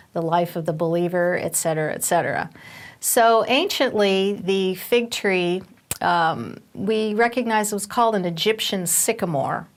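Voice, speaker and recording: A woman Bible teacher giving a recorded teaching session, explaining step by step with fillers and restarts. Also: lowish voice.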